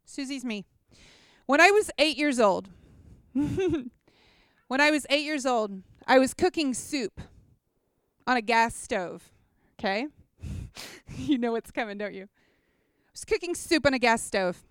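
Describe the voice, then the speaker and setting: Woman teaching from her own story, high voice, smooth and clear, chatty, checks in with the crowd. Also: no echo, studio quality. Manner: chatty, animated storytelling with props; checks in with listeners often. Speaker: speaker at a church gathering. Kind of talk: personal testimony teaching.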